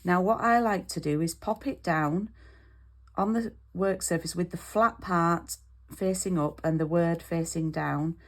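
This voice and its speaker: A woman's voice: fairly low pitch, a little slow. Chatty British woman teaching card making. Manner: chatty step-by-step instruction, frequent "okay?" check-ins. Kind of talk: online craft class.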